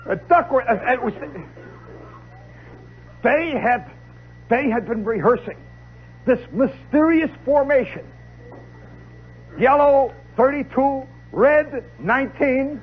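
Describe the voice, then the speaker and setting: A man telling a comic story live, animated and dramatic, with chatty asides to the listener. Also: extremely high pitch, measured pace, pauses often. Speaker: radio storyteller. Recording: lo-fi 1960s radio recording with faint hiss.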